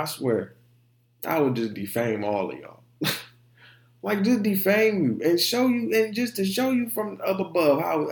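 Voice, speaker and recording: A man's voice: fairly high pitch, vocal fry, darkish tone. A young man hosting a solo podcast, ranting in a heated, profane way and repeating himself often. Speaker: podcast host. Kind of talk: solo casual podcast rant. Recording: roomy echo.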